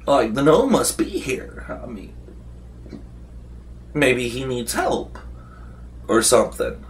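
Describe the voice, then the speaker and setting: This man's medium-pitched voice swoops wildly in pitch as he slowly recounts a tabletop role-playing session for his vlog. The rambling recap is loose, with fillers and restarts, over a little hiss or hum.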